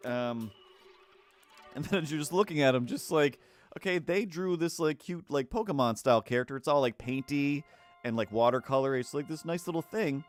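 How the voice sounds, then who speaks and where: Cartoonist guy rambling on a drawing stream, lots of ums, chuckles at himself. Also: on the high side. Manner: rambling and chatty, with many fillers and self-amused laughs. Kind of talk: casual live-stream chat while drawing.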